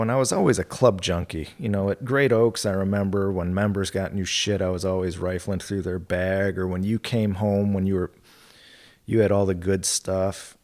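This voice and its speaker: A man who manages a territory for golf equipment appears as a podcast guest, telling casual stories in a relaxed, candid way. His voice sits low at a moderate pace, and he laughs and swears mildly.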